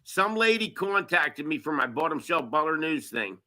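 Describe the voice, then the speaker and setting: A man's voice: on the high side, big pitch swings, normal speed, sharp tone. A man chatting as a podcast guest, telling rambling, profane local stories. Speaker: guest, local news video maker. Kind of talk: casual podcast chat.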